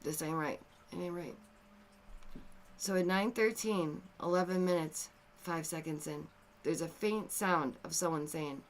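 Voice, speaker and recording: A woman talks straight to her viewers in a casual commentary. She sounds exasperated and animated. Her voice jumps to loud outbursts, then sinks into quiet, somber asides. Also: fairly low pitch, slow pace. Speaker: commentary video host.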